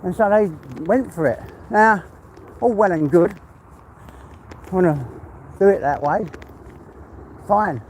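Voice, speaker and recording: A man's voice: sits high, slow, pauses often, darkish tone, a little hiss or hum, poor audio. An English man rambling in a heartfelt way as he walks outdoors, a little out of breath. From England. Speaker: vlogger. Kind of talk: casual walk-and-talk monologue. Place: outdoors on a walk.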